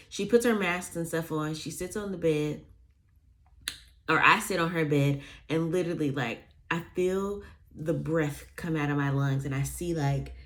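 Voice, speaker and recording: A young woman casually telling a personal story, rambling with lots of fillers and restarts, sometimes dropping to a near-whisper on asides. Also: low voice.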